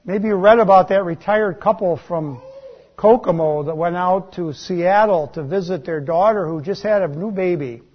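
A man preaching a sermon in a slow, deliberate way, letting his voice drop on key words. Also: sits high, slightly rough, lo-fi sound. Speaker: pastor.

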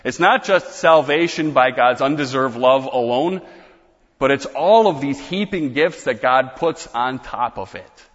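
A man's voice: mid-range voice, measured pace, a bit bright, big-room sound, muffled recording. A man preaching a sermon as pastor, explaining scripture in a conversational teaching manner with casual asides.

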